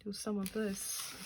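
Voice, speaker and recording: Woman in her 30s, slow chatty vlogger counting bills, background noise and clicks. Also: medium pitch. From New Jersey, US. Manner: slow, chatty, counts money aloud, muttering asides. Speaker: budgeting channel host. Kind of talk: casual chat while counting cash.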